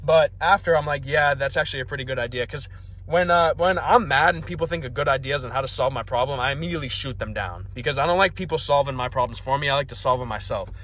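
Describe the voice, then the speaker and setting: A man's voice: medium pitch, fast talker, a bit bright, slight background noise. A young man vlogging, telling a comedic story in an exasperated, profane, self-mocking rant.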